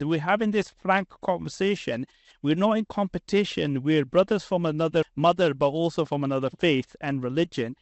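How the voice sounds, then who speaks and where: A man's voice: on the high side, no echo. A man hosting a podcast in casual conversation, talking earnestly with frequent restarts. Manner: earnest, many fillers and restarts. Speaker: podcast host.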